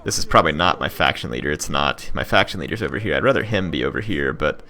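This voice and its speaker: A young man narrates his strategy game turn in a deep voice with a bright, pushing edge to it. He talks casually, thinking out loud, trailing off into ums and half-finished restarts. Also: lively intonation, fast. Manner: thinking aloud, many fillers and restarts. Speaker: gaming channel host. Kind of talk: casual let's-play commentary.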